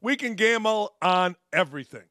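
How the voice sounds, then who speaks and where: A man's voice: high voice, expressive, normal speed, bright, forceful tone, no echo, clean studio sound. A man hosting a sports talk show, delivering a combative, sarcastic opinion monologue. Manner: combative, sarcastic, mocking quotes.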